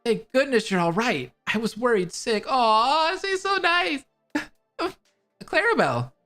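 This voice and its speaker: An excitable streamer reacts to a fan story with amused asides. His pitch jumps around a lot, and faint music plays behind him. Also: takes it slowly. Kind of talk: live reaction commentary.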